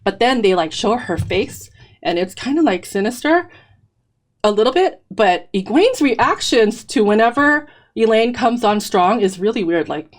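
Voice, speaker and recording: A woman co-host talking through a fan theory in a loose podcast chat. Her voice sits a little high, and she talks eagerly with many fillers and quick asides. She sounds a bit breathless from the excitement. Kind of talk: casual fan discussion.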